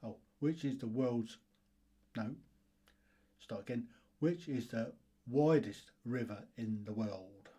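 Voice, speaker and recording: A man's voice: mid-range voice, mellow, husky. Chuckling man hosting a quiz. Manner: chuckling, self-deprecating, reads questions slowly. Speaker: quiz host. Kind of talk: casual quiz video.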